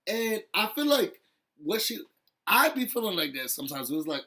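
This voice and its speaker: A man recapping a reality show episode in a casual, emotional chat, animated and laughing often as he talks straight to viewers. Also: high-pitched, normal speed.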